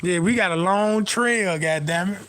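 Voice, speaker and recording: Guy with a high voice doing stand-up storytelling, cussing a lot, super animated. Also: unhurried, a little hiss or hum. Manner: animated, profane, repeats "you know what I'm talking about". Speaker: comedian.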